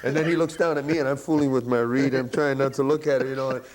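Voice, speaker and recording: A middle-aged man from Buffalo, New York, a jazz saxophonist telling lively anecdotes in a casual interview, laughing and acting out what others said. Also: mid-range voice, fast. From Buffalo, New York, USA. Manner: animated, laughing storyteller who acts out quotes. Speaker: guest musician, jazz saxophonist.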